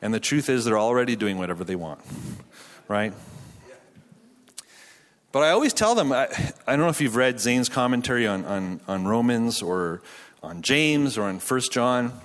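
A man's voice: mid-range voice, animated, normal speed, a bit bright. A pastor in his thirties from Canada, preaching a sermon in a chatty, self-deprecating storytelling way with frequent restarts. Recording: hall reverb from a live venue.

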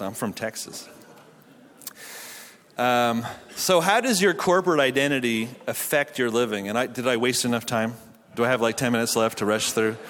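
A man's voice: medium pitch, a bit bright. A pastor in his thirties from Canada, preaching a sermon in a chatty, self-deprecating storytelling way with frequent restarts. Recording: hall reverb from a live venue.

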